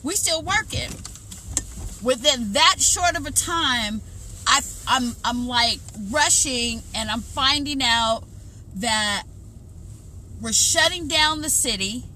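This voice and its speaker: A middle-aged woman telling a personal story to her viewers in a casual, animated way, often acting out what she and others said. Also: high-pitched, slow, slight background noise. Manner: animated, retells events with lots of quoted self-talk and repetition. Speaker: vlogger.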